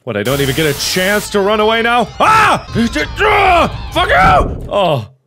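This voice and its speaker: A man giving jokey, excitable commentary while playing a horror game, often yelping. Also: high voice, measured pace, raised voice, heavy background noise. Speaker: gaming commentator. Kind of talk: let's play commentary. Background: game music.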